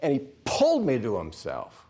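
A man preaching, telling a personal story, swinging between loud bursts and hushed asides. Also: medium pitch, huge pitch swings, normal speed, husky. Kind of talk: sermon storytelling.

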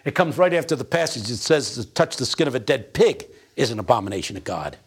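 A man's voice: mid-range voice, very animated, fast talker, breathy edge. An older man preaching a sermon, emphatic and folksy, telling stories with wry asides.

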